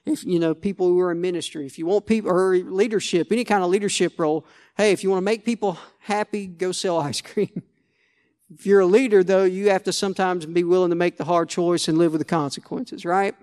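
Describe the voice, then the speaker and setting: High-voiced preacher man. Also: fairly even intonation, fairly quick, a little mellow. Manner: conversational preaching, repeats and restarts phrases, asks "Amen?". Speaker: pastor. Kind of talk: sermon.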